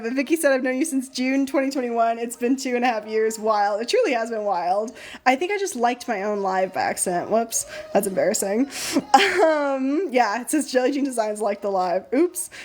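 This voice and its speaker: A young woman hosting a casual live stream, chatting with viewers while she draws, bubbly and easily excited. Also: on the high side. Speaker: live-stream host and sticker artist.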